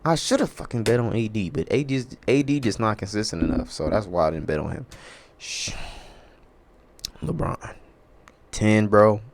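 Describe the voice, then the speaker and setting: A young man hosting a casual sports podcast on his own, talking in a loose, profane way that swings between loud outbursts and low muttering. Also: moderate pace, vocal fry, long pauses. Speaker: podcast host. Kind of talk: casual sports talk monologue.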